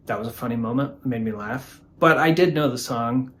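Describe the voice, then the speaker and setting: A man guest on a music review chat, talking in a rambling way with hesitant pauses. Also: medium pitch, fairly bright tone. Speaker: guest fan.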